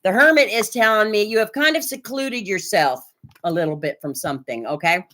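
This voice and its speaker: A woman's voice: medium pitch, brisk, a bit bright. A woman from Oregon chatting on a live stream while she gives a tarot reading, with lots of fillers and hesitations. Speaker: tarot reader.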